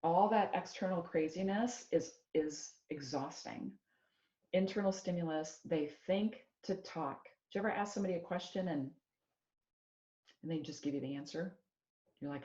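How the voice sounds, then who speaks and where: Middle-aged woman from Iowa, executive coach presenting; low, mellow voice; echoey, slightly muffled room sound. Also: unhurried, pauses often. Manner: animated, acts out quoted voices. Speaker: executive coach giving a talk. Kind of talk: motivational presentation.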